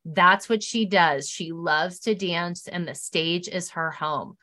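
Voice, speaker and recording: Woman, bright and forceful voice, casual chat, animated storyteller. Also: slow pace. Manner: animated storytelling, mimics others in high voices. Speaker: podcast co-host recapping a reality show.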